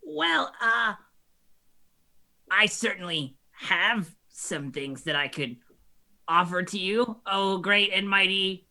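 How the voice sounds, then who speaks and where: A woman's voice: mid-range voice, animated, slow pace, bright, forceful tone. A woman playing a tabletop game, speaking hesitantly with many fillers. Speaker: player. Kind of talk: tabletop role-play chat.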